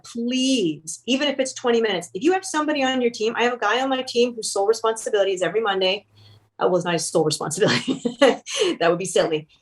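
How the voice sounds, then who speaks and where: A woman from Canada who works as a fractional operations officer, talking directly and laughing often as a guest in a casual interview. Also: mid-range voice.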